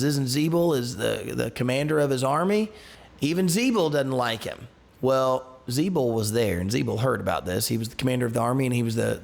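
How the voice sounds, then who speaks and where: A male pastor at home, taking a Bible study group through a passage. His mid-range voice has a gravelly edge. He reads the verses and then explains them in a relaxed, conversational way, full of asides and restarts. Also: medium pitch. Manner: reads scripture, then retells it in casual everyday words.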